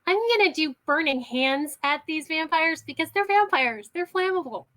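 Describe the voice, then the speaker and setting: A high-voiced woman playing a tabletop game, chatty and a little unsure of herself. Her voice sits close and dry, without room sound. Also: expressive, moderate pace, fairly bright tone, dry recording. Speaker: player.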